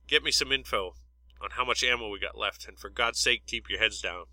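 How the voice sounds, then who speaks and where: A man's voice: fairly low pitch, a little fast, bright, forceful tone, no echo, low-quality recording. A man reading as a barking squad leader. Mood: commanding. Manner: barked orders, raised voice. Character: tough male squad leader under fire.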